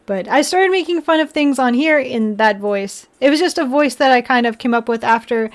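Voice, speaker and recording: A young woman streamer with a high, light voice chats loosely with her viewers. She laughs often, fills her talk with "like," and softens into baby talk for her pets. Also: lively intonation, normal speed. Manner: chatty and giggly, full of "like" and restarts, baby-talks to her pets. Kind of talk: casual live-stream chat.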